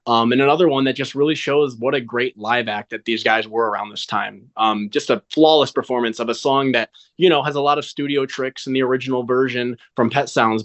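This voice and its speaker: A man's voice: medium pitch, a bit bright. A man hosting a music podcast, introducing each segment in a structured way with frequent "um"s. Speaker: podcast host. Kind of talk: casual chat.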